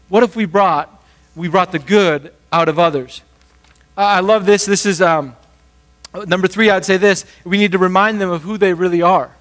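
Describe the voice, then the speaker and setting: A man preaching a sermon as pastor, talking conversationally and briefly acting out the people in the story. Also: high voice. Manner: conversational, animated, acts out quick voices.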